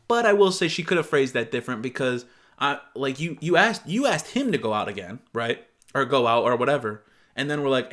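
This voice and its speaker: A young man giving casual reaction commentary, blunt and profane, with animated outbursts. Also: medium pitch, normal speed.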